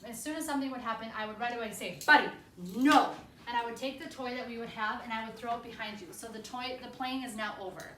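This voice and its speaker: A woman dog trainer who explains a hands-on training session step by step and breaks off for sharp, firm commands to the dog. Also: a little high, steady tone, quick pace, few pauses, a little hiss or hum. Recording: echoey room with faint ambience.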